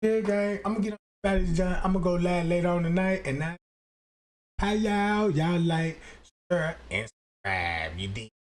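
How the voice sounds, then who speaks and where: A man's voice: sits high, normal speed, slight background noise. A man telling a profane comic story in heavy street slang, acting out other voices as he goes. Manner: slangy, animated, acts out voices.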